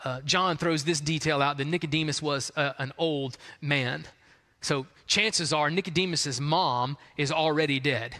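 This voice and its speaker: A man's voice: a little high, unhurried. A man preaching a conversational sermon to a congregation, acting out the people in his story. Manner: conversational, acts out quotes, rising excitement. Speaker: pastor. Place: large hall with congregation. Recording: long hall reverb.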